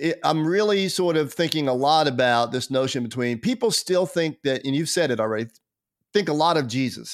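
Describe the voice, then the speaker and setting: A man hosting a faith interview, reflective and halting, with many restarts and fillers. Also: a little high, fairly bright tone. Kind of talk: conversational interview.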